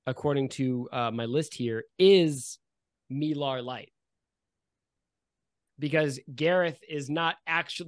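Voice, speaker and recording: A man's voice: on the high side, a bit bright, dry recording. A man running a tabletop game as game master, narrating loosely with many fillers.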